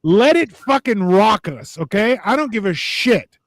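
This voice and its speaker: A male podcast host with a fairly high voice, ranting and swearing through a casual livestream chat. His sound is dry and close, with no room echo. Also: sing-song, measured pace. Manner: profane, ranting, sarcastic.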